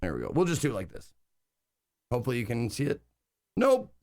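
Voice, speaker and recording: A man's voice: medium pitch, big pitch swings, fast, creaky, a little mellow. A man telling travel stories during a casual live stream, rambling with lots of fillers and casual swearing. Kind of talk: casual storytelling chat.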